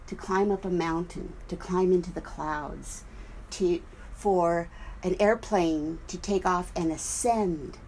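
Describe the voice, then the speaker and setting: A woman minister giving a sermon at a spiritual center, explaining things deliberately and spelling out words as she goes. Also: fairly low pitch, a little mellow, slight background noise, low-quality recording.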